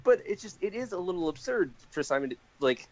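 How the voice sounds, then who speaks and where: A man co-hosting a casual chat about comics, animated and laughing often as he acts out quotes. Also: high voice, a little fast, dull audio. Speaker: podcast co-host.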